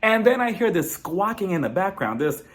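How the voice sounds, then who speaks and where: Sassy guy ranting about a tv episode, bouncy lively pitch, kinda high. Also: normal speed. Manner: animated, sassy, mocking. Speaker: TV show reviewer. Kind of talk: casual commentary.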